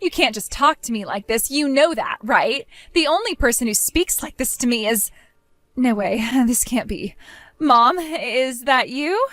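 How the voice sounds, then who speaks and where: A woman's voice: fairly high pitch, animated, unhurried, a bit bright, no echo. A woman voicing a spiteful, childish young woman in an amateur voice drama, with a mocking, whiny way of talking. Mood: indignant.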